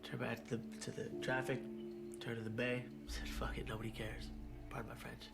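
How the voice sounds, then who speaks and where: A man telling a personal story in a documentary interview, halting and repeating his words as he goes. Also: medium pitch, flat delivery, vocal fry. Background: music.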